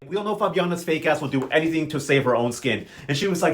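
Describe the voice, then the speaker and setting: A young man giving a casual, gossipy recap of a soap opera, full of sassy slang and quick asides. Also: a little high, fairly bright tone. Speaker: recap vlogger.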